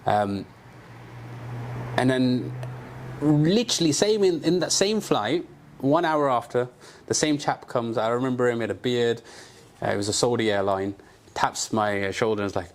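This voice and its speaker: A man's voice: mid-range voice, moderate pace, pauses often. A man, a clinic doctor, telling stories in a casual interview, acting out dialogue with plenty of fillers. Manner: animated anecdotes with quoted dialogue and fillers. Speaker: aesthetic doctor, clinic co-founder.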